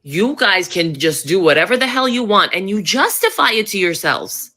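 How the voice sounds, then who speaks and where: A woman's voice: mid-range voice, very animated, normal speed, pushed and bright. A woman in her thirties giving heated political commentary, blunt and sarcastic, swearing freely. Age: 30s.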